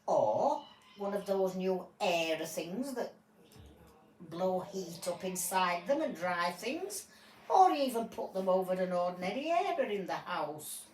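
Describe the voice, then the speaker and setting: A woman playing a patient, kindly judge in a homemade toy court game, explaining things gently. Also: lowish voice, very animated, a little slow. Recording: echoey room, voice from afar, faint hiss.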